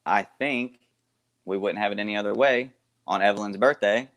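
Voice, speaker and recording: Low-voiced man rambling as co-host. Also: a bit bright. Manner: rambling, halting, laughs easily. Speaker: guest co-host. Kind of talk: casual podcast banter.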